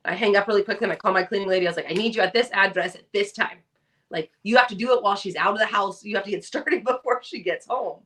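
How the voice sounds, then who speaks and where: A woman co-hosting a podcast, chatting casually and telling lively stories, acting out the people she quotes. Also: mid-range voice, fast talker, distant mic. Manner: animated storyteller, acts out quoted voices. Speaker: podcast co-host. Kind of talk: casual chat.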